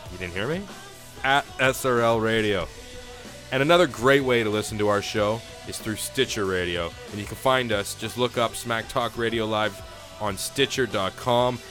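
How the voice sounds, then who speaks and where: A man's voice: fairly low pitch, normal speed, fairly bright tone, soft background music. A man co-hosting a casual wrestling podcast, chatting and plugging the show in a laid-back announcer way. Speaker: podcast co-host.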